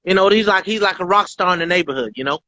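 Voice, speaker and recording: A man's voice: sits high, fast talker, pushed and bright, highs cut off. A man guest on a live-stream chat, praising his dog in an effusive, enthusiastic way.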